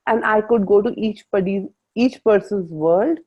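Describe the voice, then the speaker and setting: A woman's voice: mid-range voice, unhurried, hardly any pauses. Woman coaching on a muffled video call. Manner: animated storytelling with quoted self-talk. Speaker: coach leading a group call. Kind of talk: casual group coaching talk.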